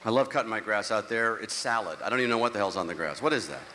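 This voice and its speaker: A man in his sixties doing a stand-up comedy routine on a theater stage, ranting animatedly and swinging between grumbling and squeaky outbursts. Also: very fast, bright, forceful tone. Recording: echoey hall, clear crowd noise. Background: audience.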